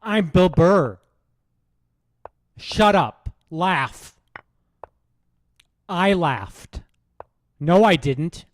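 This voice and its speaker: A man doing a loud, repetitive parody impression of a male comedian. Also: high-pitched, lively intonation, extremely slow, pauses often, pitched above the performer's own voice, heavily acted. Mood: mocking. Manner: shouty, repetitive, strained.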